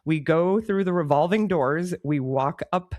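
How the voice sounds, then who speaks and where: Animated woman telling a story, dry sound. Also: on the low side, a little slow, no room sound. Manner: animated, self-mocking, laughs mid-sentence. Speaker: podcast co-host. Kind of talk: casual chat, storytelling.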